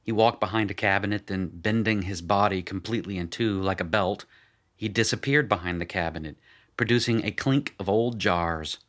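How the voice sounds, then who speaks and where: A man narrating a first-person story in a measured, plain storytelling manner. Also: low voice, fairly bright tone.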